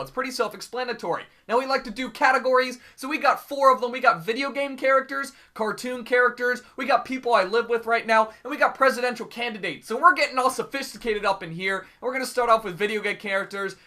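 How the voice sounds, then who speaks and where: A young man giving gameplay commentary, excitable, swinging between mumbled asides and yelling rants. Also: very high-pitched. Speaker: gaming commentator. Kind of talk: gameplay commentary and casual chat.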